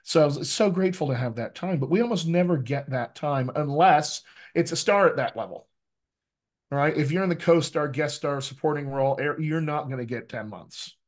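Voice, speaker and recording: A man with an American accent, a dialect coach giving a lively, teacherly talk to actors over a video call, often checking in with "right?". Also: on the high side, moderate pace. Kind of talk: live online coaching talk.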